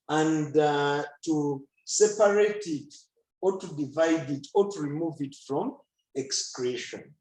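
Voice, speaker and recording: A man's voice: fairly high pitch, darkish tone, roomy sound, low-quality recording. A man teaching a biology lesson in an online class, often asking a question and then answering it himself.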